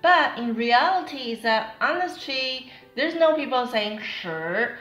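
Slow-talking Taiwanese woman teaching. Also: on the high side, lively intonation, a bit bright, reverberant, faint music behind. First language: Mandarin Chinese. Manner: chatty, demonstrates words slowly and repeats them. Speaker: Mandarin teacher. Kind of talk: casual video lesson.

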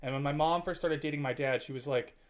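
A man's voice: a little high, fast. A man in his twenties chatting casually on a live stream, rambling and teasing his chat with frequent laughs and filler words. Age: 20s.

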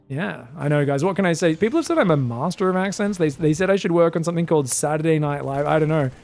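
High-voiced Australian man casting, joking. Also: quick pace, hardly any pauses, faint music behind. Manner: joking, self-mocking, bursts into excited shouts. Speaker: esports caster. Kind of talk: live game commentary and chat banter.

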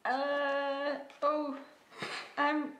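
A woman's voice: high voice, completely flat delivery, very slow, fairly bright tone, echoey room, highs cut off, a little hiss or hum. Playful woman co-hosting a board game. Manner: playful, adds robot beep-boop sounds. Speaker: co-host. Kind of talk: casual board game playthrough.

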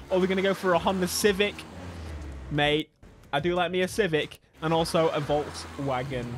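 A man commentating his own racing game playthrough, excitable and jokey, laughing often. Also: high voice. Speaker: gaming YouTuber. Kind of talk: let's play commentary.

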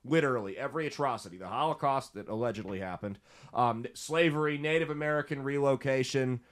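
A man's voice: mid-range voice, fast. A man hosting a podcast, giving emphatic, indignant commentary on the news. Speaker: podcast host.

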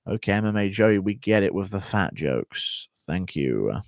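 A man's voice: deep voice, sing-song, unhurried, creaky, few pauses, no echo, clean studio sound. A man streaming live, chatting casually, thanking donors and joking with crude, profane banter.

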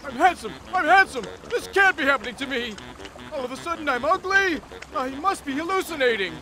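A man's voice: very high-pitched, lively intonation, a little fast, rough recording. An actor voicing a vain, arrogant male lion in a children's cartoon, with a boastful, theatrical delivery. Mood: vain, shocked.

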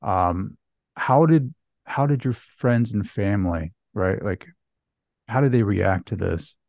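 A man hosting an interview, asking earnest, halting questions. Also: fairly low pitch, gravelly, darkish tone, no room sound, lo-fi sound. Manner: earnest, hesitant questioning with fillers. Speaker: podcast host.

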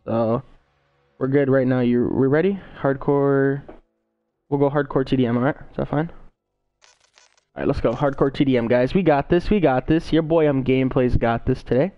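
A man's voice: mid-range voice, steady tone, normal speed, no room sound, highs cut off. A young man live-streaming a game, casually greeting his viewers by name over a gaming headset.

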